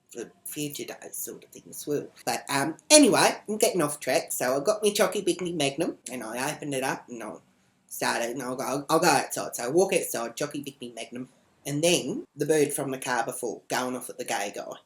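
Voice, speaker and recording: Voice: medium pitch, close to an everyday voice. A comedian playing a brash, foul-mouthed woman who rambles and swears bluntly in a comedic character vlog.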